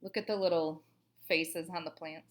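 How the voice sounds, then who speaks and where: A woman's voice: deep voice, fairly even intonation, normal speed, slight background noise. Cheerful woman teacher reading a children's book aloud, chatty asides.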